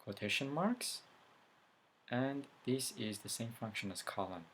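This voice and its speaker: A man's voice: medium pitch, lively intonation, unhurried, a little hiss or hum. A man teaching a beginner language lesson, reading letters one at a time and then explaining the rules. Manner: reads letters one by one, louder on each. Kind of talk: slow spoken language lesson.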